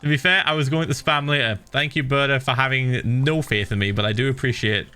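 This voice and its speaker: A man chatting casually on a game stream, an animated storyteller who laughs often. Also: mid-range voice, a little fast, clean tone. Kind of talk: casual stream chat while gaming.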